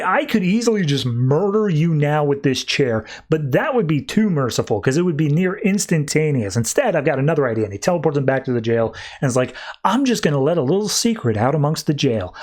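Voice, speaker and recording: A young man hosting a comics podcast, recapping a story in casual chat and briefly acting out the characters' lines as he goes. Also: mid-range voice. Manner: animated, voices characters in quick asides. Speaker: podcast host reviewing comics.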